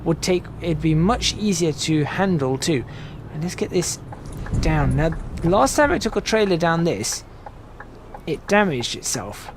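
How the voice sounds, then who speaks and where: A man's voice: fairly high pitch, sing-song, measured pace, noisy background. A young man chatting casually as he plays and narrates a driving game, rambling and correcting himself often, with game sounds behind him. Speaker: gaming channel host. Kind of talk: casual gameplay commentary.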